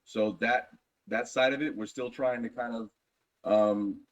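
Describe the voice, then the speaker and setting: A man from a project team talking casually in an online voice chat, excitable and joking. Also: mid-range voice, unhurried, muffled recording. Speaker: team member on a crypto project.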